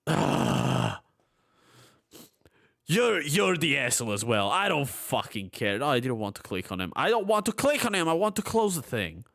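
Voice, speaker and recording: A man's voice: fairly high pitch, big pitch swings, brisk, vocal fry, hardly any pauses, fairly bright tone. A young man streaming from his room at home, reading forum posts aloud and breaking into heated, profane rants.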